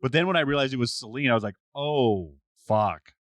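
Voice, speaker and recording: A man's voice: medium pitch, very fast, a bit bright, dry recording, clean studio sound. A man co-hosting a podcast in casual chat, musing aloud and asking questions. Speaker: podcast co-host.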